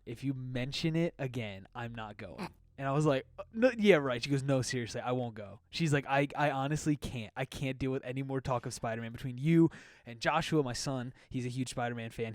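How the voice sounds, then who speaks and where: A young man co-hosting a podcast, telling a story in an excited, laughing, casual way. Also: mid-range voice, dry recording, clean studio sound. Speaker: podcast co-host. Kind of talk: casual chat. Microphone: podcast microphone with windscreen.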